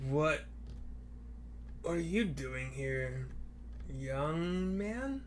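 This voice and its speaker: A man's voice: a little high, lively intonation, drawn-out words, slight background noise. A man doing a muttering old fisherman. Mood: startled. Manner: mutters to himself. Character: old grumbling male fisherman, lonely and gruff.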